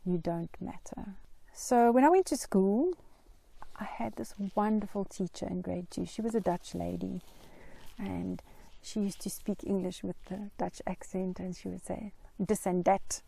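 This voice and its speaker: A middle-aged woman earnestly telling her own life story in a slow, reflective way. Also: medium pitch, gravelly, dark tone, slightly rough. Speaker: Christian mental health vlogger. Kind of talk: personal story told to camera.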